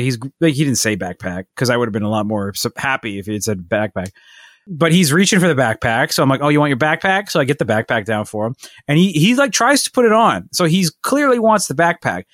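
Male co-host, 30s, rambling chatty storyteller, slightly high pitch, dry sound. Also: animated, brisk, fairly bright tone, dry recording. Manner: rambling storyteller, lots of fillers and laughs. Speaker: podcast co-host. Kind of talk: casual chat.

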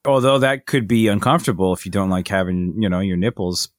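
A man's voice: sits low, quick pace, dry recording. A man chatting casually as a podcast co-host, making dry, wry remarks. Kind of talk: casual chat.

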